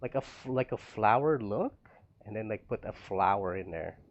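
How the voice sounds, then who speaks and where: A man's voice: lowish voice, animated, normal speed, dull audio. A man streaming a building game, rambling to himself with frequent laughs as he plays. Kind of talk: casual gameplay commentary.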